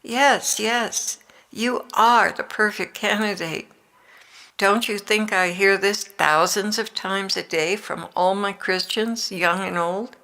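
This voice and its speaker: Jesus speaks as a tender, exhorting divine man, voiced by an older woman in her own voice. The tone is bright with a gravelly edge, and the delivery is unhurried. It is a devotional reading. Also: medium pitch.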